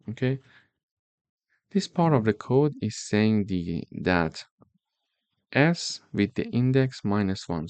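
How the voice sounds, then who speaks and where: A man walks through a coding lesson at an unhurried, deliberate pace, checking in often to make sure each step lands. His voice sits low and comes through smooth and clear, recorded close on a dry mic with no room sound. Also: darkish tone, no room sound. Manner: slow, step-by-step explaining with repeated "okay?" checks. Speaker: programming teacher. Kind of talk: screen-recorded coding tutorial.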